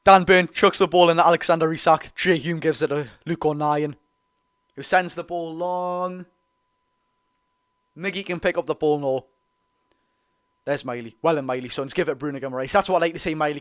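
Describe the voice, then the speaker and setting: A young man with a Geordie accent giving live, excitable fan commentary on a football match, swinging between loud cheering and low muttering. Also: brisk. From North East England. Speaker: football watch-along host.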